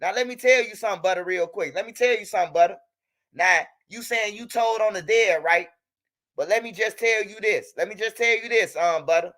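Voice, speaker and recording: A man's voice: high voice, brisk, fairly bright tone. A young man in a heated, profane rant, repeating himself as he talks straight at a rival. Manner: angry, profane, repetitive, talking straight at a rival. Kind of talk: heated direct-to-camera rant.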